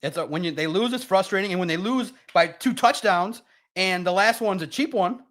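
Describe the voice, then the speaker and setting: High-voiced, fired-up sports podcast man. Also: normal speed, a bit bright. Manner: emotional, blunt, fired-up. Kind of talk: live-stream sports rant reading viewer comments.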